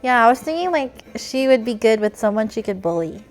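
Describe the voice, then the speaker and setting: A woman's voice: a little high, expressive, brisk, soft background music. A young woman streaming, chatting casually and slipping into cooing baby talk to praise her cat.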